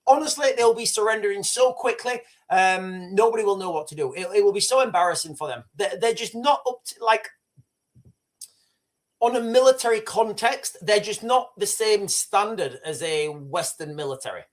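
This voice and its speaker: A man hosting a live news commentary stream, rambling and excitable with many restarts, boastful and opinionated. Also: high voice, moderate pace. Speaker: livestream host.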